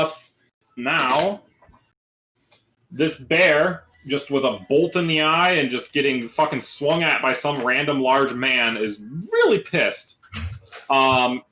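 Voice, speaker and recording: Relaxed man running a tabletop game. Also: on the high side, takes it slowly. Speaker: game master. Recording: echoey room.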